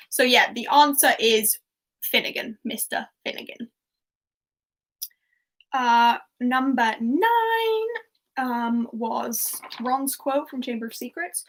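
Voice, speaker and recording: A woman's voice: a little high, expressive, slow, long pauses, a bit bright. A woman hosting a livestreamed pub quiz in casual chat, giggling and reading out viewers' answers. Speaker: quiz host.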